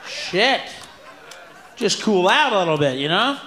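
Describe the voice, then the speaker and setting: A man performing a stand-up comedy set on a live stage, loud and profane, often breaking into shouts. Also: high voice, very animated, fairly quick. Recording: echoey live venue with room noise.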